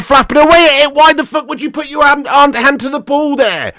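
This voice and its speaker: Male fan-streamer, high bright voice, dry close sound, swears freely and shouts at the ref. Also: a little fast, few pauses, dry recording. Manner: swears a lot, excitable, chats to viewers. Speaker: football watch-along host. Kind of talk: live match watch-along commentary.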